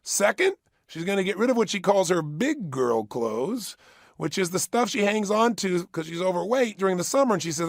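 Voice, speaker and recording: A middle-aged motivational speaker delivers a motivational audio program, emphatic and repeating phrases for effect, recorded close in a studio with a dry sound. His high voice has a sing-song quality and moves at a moderate pace.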